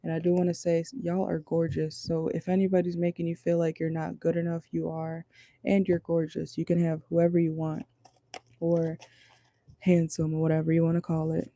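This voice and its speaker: A man with a dark, gravelly voice gives a relaxed tarot reading from a parked car. He sits a bit high in his range and talks loosely, reassuring his listeners. He keeps checking in with a casual "okay?". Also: moderate pace. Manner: loose, chatty, reassuring, many fillers like "okay?". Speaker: tarot reader.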